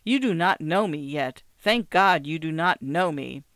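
A guilt-ridden murderer pours out his anguish in impassioned pleas, as a male reader puts him on. The voice is smooth and resonant. It is recorded dry and close. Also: fairly high pitch, animated, measured pace, a bit bright, no echo.

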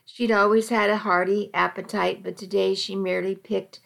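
A woman reading a first-person story aloud in a measured, even storytelling delivery. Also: mid-range voice, gravelly. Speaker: audiobook narrator. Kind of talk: first-person scripted narration.

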